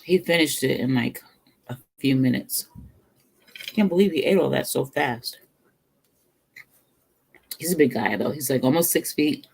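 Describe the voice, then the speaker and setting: A middle-aged cooking vlogger eats live on stream, chatting casually, sharing stories, and laughing a lot while murmuring over each bite. The mid-range voice is a little slow, a little mellow and husky, with vocal fry and frequent pauses.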